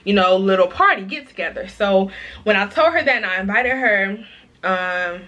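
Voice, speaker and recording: Bright-voiced young woman telling a story. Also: medium pitch, moderate pace, dull audio. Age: young adult. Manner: chatty, keeps addressing viewers as y'all; expressive, dramatic emphasis. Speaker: vlogger. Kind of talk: casual storytime vlog.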